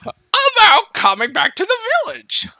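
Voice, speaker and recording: A man's voice: extremely high pitch, huge pitch swings, measured pace, sharp tone, pitched above the performer's own voice, heavily acted. A man voicing an old, pervy, jovial male ninja sage in an exaggerated put-on old-man voice during a casual fanfic read-through.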